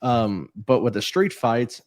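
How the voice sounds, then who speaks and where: A man's voice: mid-range voice, animated, measured pace. A man on a casual wrestling podcast panel, talking loosely and rambling with lots of "you know" and "um". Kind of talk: casual sports podcast chat.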